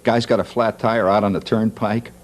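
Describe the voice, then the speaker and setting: A man's voice: lowish voice, steady tone, moderate pace, background noise. A man hosting a TV talk show, doing a jokey, wry comic monologue and laughing at his own jokes.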